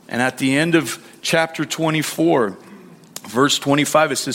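A man preaching a sermon, retelling a scripture story with animated acted quotes and frequent restarts. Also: mid-range voice, normal speed.

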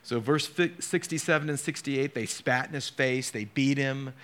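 A middle-aged man preaching a sermon as pastor, acting out scenes with dramatic slow pauses. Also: medium pitch, fairly bright tone.

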